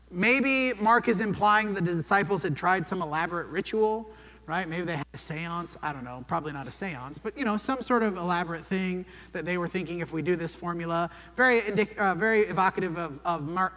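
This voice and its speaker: A man's voice: sits high, normal speed, fairly bright tone. A man preaching a sermon in a conversational way, often checking in with "right?". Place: church sanctuary. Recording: long church hall reverb.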